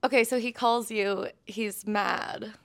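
A woman's voice: mid-range voice, fairly even intonation, slow pace, a bit bright. A woman hosting a podcast, asking curious follow-up questions in casual conversation. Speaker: podcast host. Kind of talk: conversational interview.

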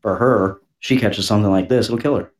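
A man co-hosting a podcast, talking casually in a halting way with many restarts. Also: lowish voice. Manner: halting, full of "you know" and restarts. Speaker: podcast co-host. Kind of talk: casual chat.

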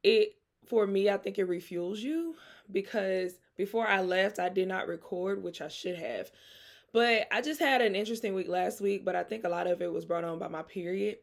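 A woman's voice: medium pitch, moderate pace, creaky. A young woman from Mississippi with a Southern accent, hosting her podcast in a loose, chatty way and laughing often. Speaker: podcast host. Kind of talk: casual chat.

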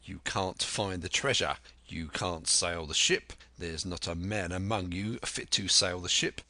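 A man voicing a stern older ship's captain in an audiobook, speaking in a slow, clipped, commanding way. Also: low voice, bright, forceful tone, no room sound, heavily acted. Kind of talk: audiobook character voice.

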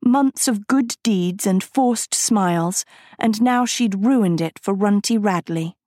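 A woman's voice: mid-range voice, slow pace, warm tone, no echo, studio quality. A woman reading an audiobook, voicing a vain, sugar-sweet teenage girl who coos and wheedles. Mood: scolding herself. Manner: cooing, wheedling. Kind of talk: audiobook character voice.

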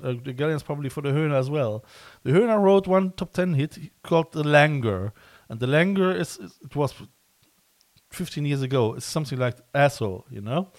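A man hosting a casual podcast interview, talking in halting phrases full of restarts and fillers. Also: on the high side, no room sound. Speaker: podcast host.

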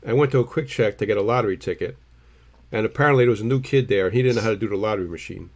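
A man's voice: lowish voice, racing. A middle-aged man, co-hosting a casual chat show and telling blunt stories with some swearing. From New Jersey. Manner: blunt, storytelling, swears freely. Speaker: co-host.

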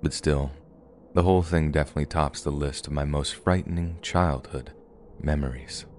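Man, extremely low voice, casual first-person horror storytelling, faint hiss behind. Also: steady tone, normal speed, a little mellow. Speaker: narrator.

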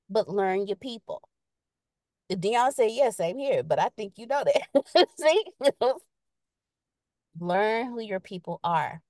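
Lively woman chatting on a podcast. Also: medium pitch, slow, long pauses, dry recording, studio quality. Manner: lively, expressive, reads viewer comments aloud. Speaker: podcast co-host reading chat comments. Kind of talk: casual live-stream chat.

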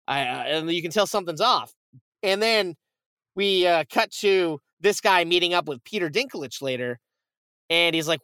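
High, bright-voiced man recapping a film. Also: smooth, no room sound. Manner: animated storytelling, swearing, quick quoted asides. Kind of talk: casual movie recap.

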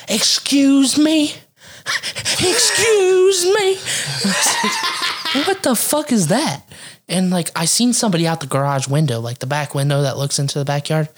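A podcast co-host from Ohio telling a story in casual, rambling, crude chat with frequent laughs. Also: mid-range voice. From Ohio, USA.

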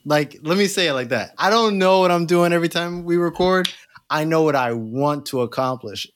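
A man's voice: on the high side, normal speed, fairly bright tone. A man hosting a podcast in casual chat with his friend, talking loosely with lots of fillers and frequent laughter. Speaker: podcast host.

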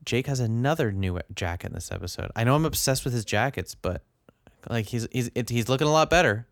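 A young man co-hosts a podcast, reviewing a TV show in casual chat. His pitch swings widely as he jokes in disbelief. The sound is dry and close, with no room behind it. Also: a little fast, gravelly, no room sound. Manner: animated, incredulous joking. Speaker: podcast co-host.

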